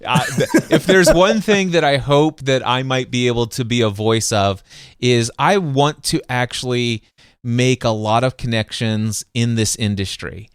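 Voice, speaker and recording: Smooth-voiced, animated male podcast host. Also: medium pitch, unhurried, no room sound. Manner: animated, acts out sounds and voices in anecdotes; frequent restarts and stumbles. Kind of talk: excited conversational storytelling.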